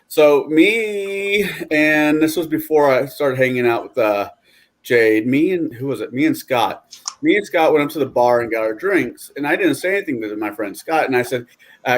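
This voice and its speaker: A man's voice: mid-range voice, normal speed. A man chatting casually among friends while painting miniatures, telling stories and swearing freely. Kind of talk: casual chat.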